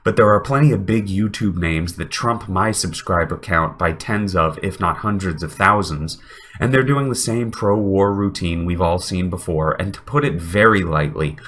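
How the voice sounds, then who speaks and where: A sick man with a deep, nasal voice, delivering an earnest, argumentative political opinion rant. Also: normal speed, fairly bright tone. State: sick with a cold. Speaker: political commentator.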